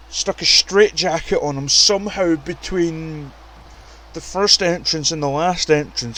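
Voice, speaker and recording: A man giving casual, profane, excitable commentary on a wrestling video game and ranting about the roster. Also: fairly high pitch. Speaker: commentator and show runner.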